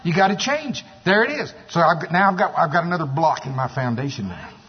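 A man preaching a sermon, animated and storytelling, with exclamations and asides. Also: on the high side, fairly quick. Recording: echoey hall, dull sound.

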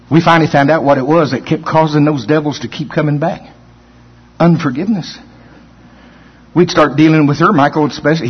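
In a church hall, a man with a high, husky voice preaches a sermon through animated storytelling, acting out quotes and laughing often. The recording of the hall is muffled.

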